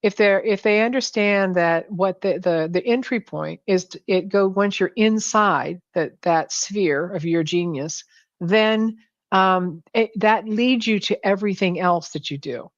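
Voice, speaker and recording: A woman's voice: medium pitch, measured pace, dry recording. A woman pricing coach, a guest in a conversational interview, talking animatedly with many restarts and self-corrections. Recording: dull lo-fi sound, dry.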